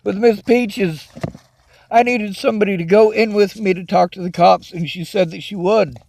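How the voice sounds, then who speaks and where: A man's voice: high voice, moderate pace, gravelly, a little mellow, low-quality recording. A man in a bitter, swearing personal rant to camera, venting his grievances in outbursts. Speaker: vlogger.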